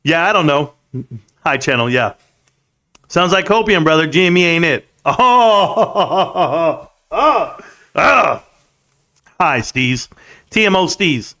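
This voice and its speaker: Middle-aged male streamer, animated and rambling, higher voice. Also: moderate pace, long pauses. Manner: animated, rambling, swings loud and soft. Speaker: live stream host. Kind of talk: casual live-stream chat, reading comments.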